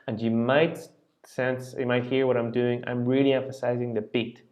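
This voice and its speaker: A man's voice: medium pitch, flat delivery, moderate pace, highs cut off, faint music behind. A man teaching a singing lesson, patiently explaining rhythm and singing short phrases to demonstrate.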